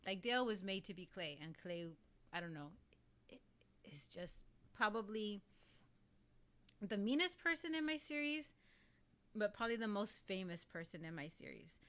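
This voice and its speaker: A woman hosts a relaxed livestream and chats with her audience. She talks in a gushing, rambling way, stacking "like" between her thoughts and restarting sentences as she goes. Her voice sits in an ordinary middle pitch. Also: normal speed, pauses often. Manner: gushing and rambling, heavy use of "like". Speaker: livestream host. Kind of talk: casual livestream chat.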